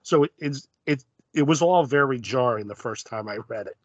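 A man casually discussing a comic on a podcast. He speaks in a measured way, and his voice trails off softly at the ends of his thoughts. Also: mid-range voice, animated, dry recording, lo-fi sound. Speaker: podcast co-host. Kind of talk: casual chat recapping a comic.

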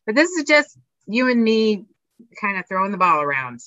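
Podcast co-host, woman, animated and chatty; dry close mic with a dull lo-fi sound. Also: mid-range voice, normal speed, no room sound. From Oregon, US. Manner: animated, chatty, acts out inner voices. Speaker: podcast co-host, nonprofit executive director. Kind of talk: casual conversation.

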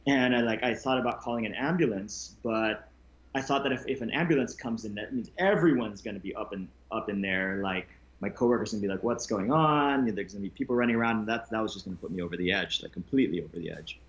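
A man being interviewed as a guest, telling his story candidly with halting restarts. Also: on the low side, muffled recording. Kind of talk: casual conversation.

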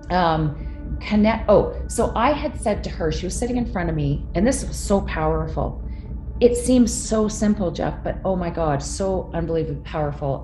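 A middle-aged woman speaks frankly and with feeling, her voice low and mellow, swearing without a second thought. The room has an echo, and faint music sits underneath. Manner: emotional, frank, swears freely. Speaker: guest. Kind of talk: candid personal storytelling.

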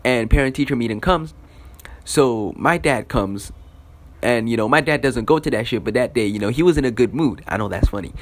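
A man's voice: medium pitch, lively intonation, a little fast. A young man telling a casual story in a loose, profane style, with lots of fillers.

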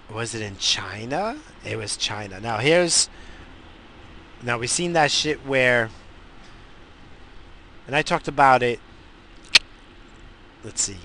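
Gravelly, fired-up male show host. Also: mid-range voice, sharp tone, a little hiss or hum. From United States. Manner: profane, rambling, fired-up. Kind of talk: profane casual rant.

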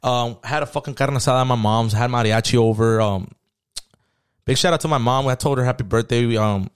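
Male podcast co-host, mid-pitched, laid-back profane slang, mixes in Spanish phrases. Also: a little fast, clear, resonant tone. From Mexican-American family. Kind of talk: casual podcast chat.

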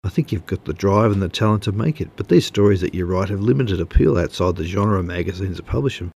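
A man's voice: low voice, animated, fast talker, gravelly, darkish tone, breathy edge, heavily acted. A man voicing a smug male magazine editor who lectures a writer over the phone. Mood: smug lecturing.

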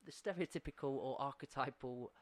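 Bloke cohosting a chatty podcast, lots of laughing, acts out what people said. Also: male voice, medium pitch, a little fast. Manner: animated storyteller, acts out quotes, laughs often. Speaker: podcast co-host. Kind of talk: casual podcast chat.

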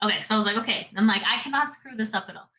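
A woman's voice: fairly high pitch, very fast, bright, forceful tone, poor audio. A woman co-hosting a casual podcast, telling a story in a rambling way, full of "like" and restarts. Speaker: podcast co-host. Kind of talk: casual chat.

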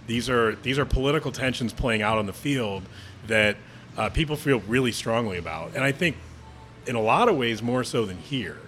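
A man co-hosting a casual pub chat, thinking aloud with frequent pauses and restarts. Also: medium pitch, expressive, fairly bright tone, a little hiss or hum. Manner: hesitant, thinking aloud with many ums and restarts. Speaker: podcast co-host.

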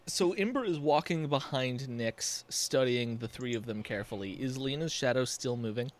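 A man's voice: mid-range voice, normal speed. A man playing a tabletop role-playing game, describing his character's moves in casual chat. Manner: animated, storytelling. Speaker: tabletop player.

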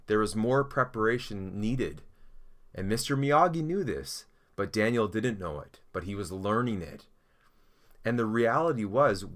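A man's voice: lowish voice, fairly bright tone. A man preaching a sermon as pastor, telling a story earnestly and encouragingly, then leading a prayer.

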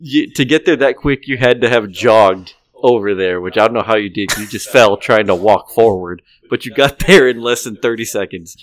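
A young man telling a wild story on a podcast, animated and profane, often laughing. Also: lowish voice, normal speed, hardly any pauses. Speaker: podcast co-host. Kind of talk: casual storytelling chat.

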